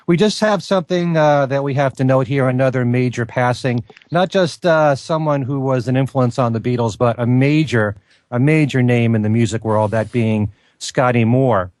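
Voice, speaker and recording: A man's voice: medium pitch, dry recording. A man hosting a casual podcast, introducing guests and topics. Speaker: podcast host.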